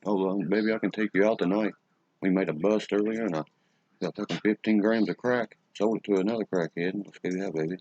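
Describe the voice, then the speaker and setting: A man's voice: lowish voice, fairly quick, a little mellow, no echo, dull audio, natural voice. Man mocking a smug crooked cop.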